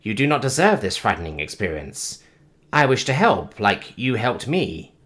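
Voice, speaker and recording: A man's voice: fairly low pitch, big pitch swings, normal speed, a bit bright. A man voicing a literal-minded, caring robot who speaks formally, with no contractions. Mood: worried.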